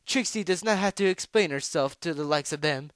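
Brief: a man playing a vain female unicorn showgirl, pitched up, haughty. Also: fairly quick, fairly bright tone, clean tone, dry recording, clean studio sound, lightly acted. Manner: haughty, speaks of herself in third person. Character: boastful female unicorn stage magician.

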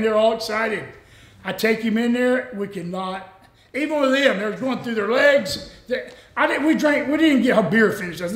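Older male guest, rambling salty yarns, higher-pitched, echoey room. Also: a little fast. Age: 60s. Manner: rambling, salty, laughs often. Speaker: retired pro wrestler, guest. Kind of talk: casual storytelling.

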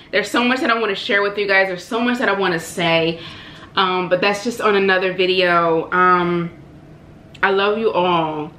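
A mukbang vlogger speaks directly to camera in a bright, forceful, mid-range voice, offering heartfelt, preacherly encouragement. She repeats phrases passionately and calls viewers baby and honey, in a rough, roomy recording with a little hiss or hum.

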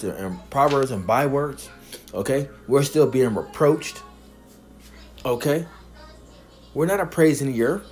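A man preaching a sermon, reading scripture verses slowly and then explaining them, asking "you see?" again and again. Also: on the high side. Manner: emphatic, punctuates with "you see?".

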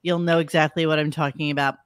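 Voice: medium pitch, level tone, smooth, no room sound. Rambling podcast host, dry close sound. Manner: rambling, halting with fillers and restarts. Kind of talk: casual chat.

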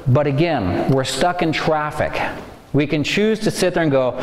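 Animated man lecturing in an echoey hall. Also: fairly high pitch, normal speed, slight background noise. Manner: animated, acts out worried inner voices. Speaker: speaker. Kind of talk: faith-based lecture on stress. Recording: echoey hall, faint ambience.

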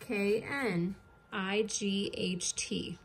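Slow, patient woman teacher spelling. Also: medium pitch, slight background noise. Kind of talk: recorded distance-learning lesson.

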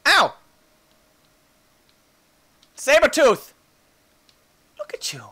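A man hosting a gaming channel, giving excitable Let's Play commentary and cooing baby talk at his pets. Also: on the high side, normal speed, long pauses.

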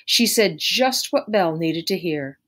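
Woman narrating a story, low pitched, steady expressive reading. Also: measured pace. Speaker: audiobook narrator. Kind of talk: read-aloud narration of a story.

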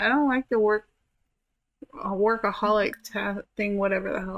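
A woman's voice: medium pitch, measured pace, pauses often, fairly bright tone. A woman giving casual gameplay commentary, chatting to her characters and swearing offhandedly. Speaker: gameplay streamer.

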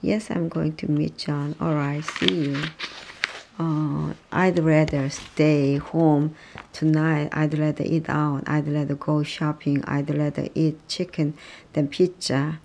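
A speaker reading English practice dialogues aloud, halting and restarting often. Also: medium pitch, level tone, vocal fry, darkish tone, a little hiss or hum.

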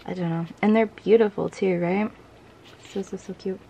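A young woman chatting casually as she unboxes merchandise, gushing with breathy exclamations that often drop to a whisper. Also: medium pitch, fairly even intonation, normal speed, mellow, slight background noise. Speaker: unboxing vlogger.

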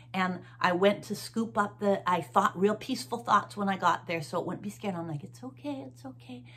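A middle-aged woman hosting her own show, casually telling a story, animated and acting out sounds and gestures. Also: medium pitch. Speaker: host.

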